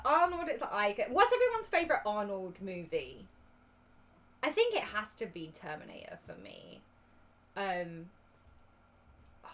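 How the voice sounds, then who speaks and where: A woman's voice: medium pitch, a bit bright. A young woman with an English accent, chatting casually on a livestream as a cosplay judge while she works on a craft project. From England. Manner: chatty, giggly, rambling.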